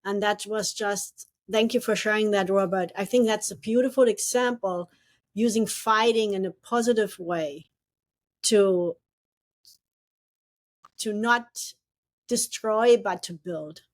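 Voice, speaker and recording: A woman co-hosting a podcast, speaking thoughtfully and in a measured way, with frequent pauses. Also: mid-range voice, steady tone, no echo. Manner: thoughtful, measured, with many ums. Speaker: podcast co-host. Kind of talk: reflective podcast conversation.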